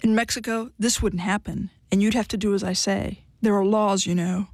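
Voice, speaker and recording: A woman's voice: mid-range voice, steady tone, normal speed, a little mellow, no room sound, natural voice. Jealous man, pleading, wounded, read by a woman, dry close audio. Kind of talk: audiobook character voice.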